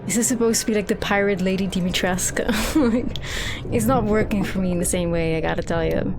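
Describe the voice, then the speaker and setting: A young woman streaming a horror game, talking casually and excitedly to her chat and swearing often. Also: medium pitch, brisk, heavy background noise. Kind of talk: casual gameplay commentary.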